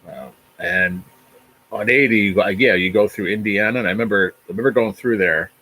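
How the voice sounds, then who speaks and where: A man's voice: on the low side, fairly quick, bright, forceful tone, slightly rough, rough recording. A man in his forties from New Jersey, hosting a rambling, profane livestream chat with viewers. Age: 40s. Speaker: livestream host. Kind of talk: casual chat reading viewer comments.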